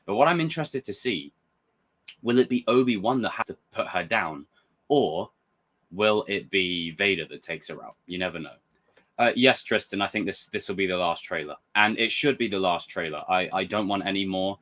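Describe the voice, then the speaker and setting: Deep-voiced man rambling through a reaction. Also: moderate pace. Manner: excitable, rambling, with frequent restarts and swearing. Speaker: reaction video host. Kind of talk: casual reaction commentary.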